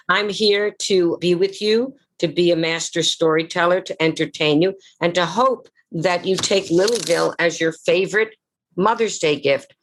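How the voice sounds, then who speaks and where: Dramatic older woman telling stories. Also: a bit bright. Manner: dramatic, slows for emphasis, drops low on key words. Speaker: actress and memoir author, guest. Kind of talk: theatrical storytelling in a conversation.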